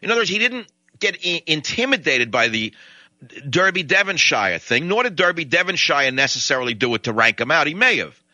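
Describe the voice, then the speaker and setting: A man's voice: on the high side, sing-song, a little fast, pushed and bright, dry recording. An older man with a New York accent, giving a blunt, rambling talk radio monologue. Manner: blunt, ranting, digressive.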